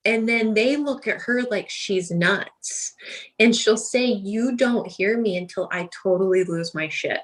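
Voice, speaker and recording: A woman chats on a podcast in an ordinary mid-range voice, laughing easily between her stories. She jumps quickly from one thought to the next, animated and friendly. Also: medium pitch. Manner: laughs often, animated storytelling. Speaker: podcast guest. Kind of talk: casual chat.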